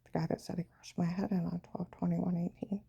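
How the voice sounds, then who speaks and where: A woman's voice: on the low side, level tone, fairly quick, gravelly, dark tone, husky, dull audio. A woman telling a rambling, agitated personal story, often dropping into a half whisper.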